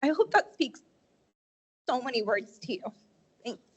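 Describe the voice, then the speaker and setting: A young woman teacher speaks at a school board meeting. Her voice is high and rises and falls a lot. She sounds emotional, and her voice catches now and then. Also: big pitch swings, a little slow, breathy edge, poor audio. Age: 20s. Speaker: teacher giving public comment. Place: meeting hall.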